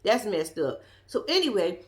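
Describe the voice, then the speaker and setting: A woman's voice: mid-range voice, sing-song, normal speed, darkish tone. A woman giving a sassy, profane, casual commentary as she recaps a reality show episode. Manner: blunt, profane, sassy storytelling.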